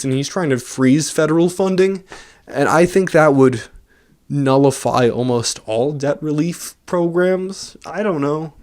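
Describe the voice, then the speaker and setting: A man's voice: mid-range voice, darkish tone. A man ranting casually in his own vlog, rambling and self-mocking with a sarcastic edge, into a large studio microphone. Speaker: vlogger.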